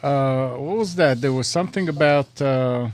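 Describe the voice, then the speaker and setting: A man co-hosting a podcast, haltingly reading a news item aloud. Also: medium pitch. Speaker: podcast co-host. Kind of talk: casual chat, reading news.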